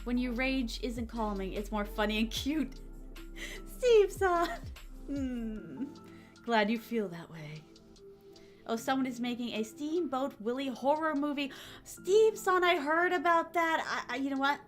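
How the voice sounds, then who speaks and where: A woman streamer chatting casually with her viewers and reading their comments, with a soft, relaxing, motherly voice. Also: a little high, moderate pace, soft background music.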